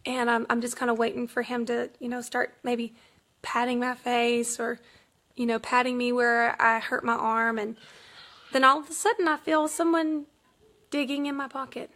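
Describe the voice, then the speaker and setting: High, bright-voiced chatty mom. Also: female voice, flat delivery, normal speed. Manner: chatty, laughs through her story, many fillers. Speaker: mother vlogging. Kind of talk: casual chat to camera. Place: home, kids nearby.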